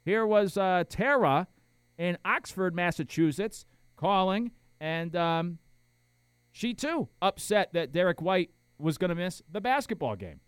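A man hosting a sports talk show, reacting to radio clips in an animated, incredulous, rambling way. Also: sits high, a little slow, smooth, no room sound. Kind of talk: casual sports commentary.

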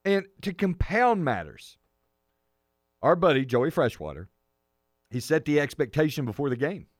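A man's voice: on the high side, very animated, normal speed, dry recording, studio quality. A man hosting a sports talk radio show, emphatic and opinionated, hammering his points by repeating them. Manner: opinionated, argues his takes.

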